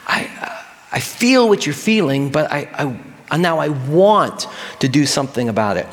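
Man, pastor mid-sermon, lively and repetitive, talks straight to the room; slightly higher voice, echoing church hall. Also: normal speed. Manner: animated, repeats key phrases, engages the audience directly.

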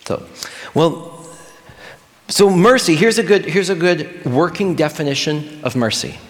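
Man, pastor mid-sermon, lively and repetitive, talks straight to the room; slightly higher voice, echoing church hall. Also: a little slow. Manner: animated, repeats key phrases, engages the audience directly.

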